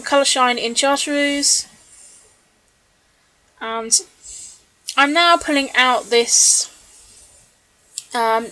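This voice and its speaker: Woman, slightly high voice, tired late-night voice-over narrating her own craft video, chatty with ums. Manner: chatty, relaxed, with many ums and little laughs. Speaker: scrapbooking vlogger. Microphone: voice-over recorded separately from the video.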